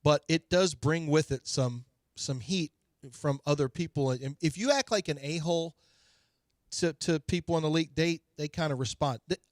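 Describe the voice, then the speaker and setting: A man hosting a sports radio show in casual banter, opinionated and quick to mock with high voices. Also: dry recording, clean studio sound. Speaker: radio sports talk host. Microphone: studio microphone.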